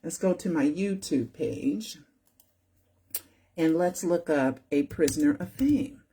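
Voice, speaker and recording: A woman's voice: low voice, takes it slowly, dark tone, husky. A woman hosting her own channel, giving casual commentary in a rambling, repetitive way and often asking "right?" for agreement. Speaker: channel host.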